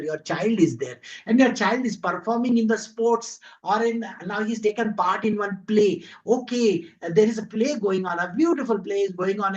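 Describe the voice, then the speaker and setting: A man's voice: very high voice, lo-fi sound. A man teaching spiritual devotion in a conversational talk, full of rhetorical questions.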